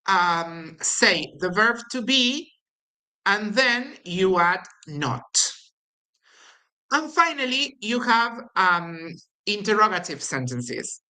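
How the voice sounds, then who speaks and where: A woman with an Argentine Spanish accent teaching English grammar, slowly explaining and repeating example sentences with exaggerated intonation. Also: mid-range voice, pushed and bright, rough recording. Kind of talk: recorded language lesson.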